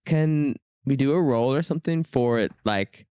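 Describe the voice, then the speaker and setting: A man's voice: medium pitch, normal speed, warm tone, smooth, no echo, clean studio sound. A man playing a tabletop game, chatty and laughing easily. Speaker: player. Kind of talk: casual game chat.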